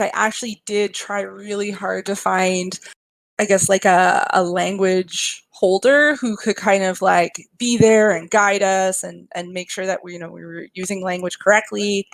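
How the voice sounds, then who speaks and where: A woman's voice: mid-range voice, fairly even intonation, moderate pace, rough recording. A young woman game developer talking casually in a panel chat, chatty with lots of fillers and laughter. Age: young adult.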